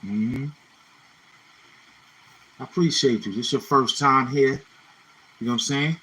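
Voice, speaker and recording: Laid-back New man with a bright voice. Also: mid-range voice, a little slow, slightly rough, low-quality recording. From Brooklyn, New York City. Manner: laid-back, keeps tagging lines with "you know what I'm saying". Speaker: livestream host. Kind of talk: casual livestream chat with freestyle rhymes.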